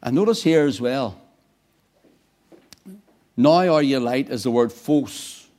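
A man preaching a sermon, swinging between quiet, low lines and loud, emphatic bursts. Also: animated, slow pace.

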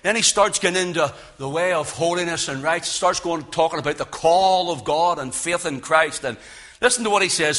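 A man preaching a sermon in a church, with a loud, carrying voice that swings from emphatic peaks to low, hushed lines. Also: moderate pace. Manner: impassioned, rising to loud emphatic peaks then dropping low. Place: church with speakers.

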